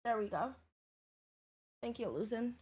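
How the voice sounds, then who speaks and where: A woman's voice: on the high side, lively intonation, a little slow, a little mellow, breathy edge. A woman streamer in casual chat, greeting viewers by name and talking loosely with them. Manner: chatty, talks to viewers by name. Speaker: livestreamer.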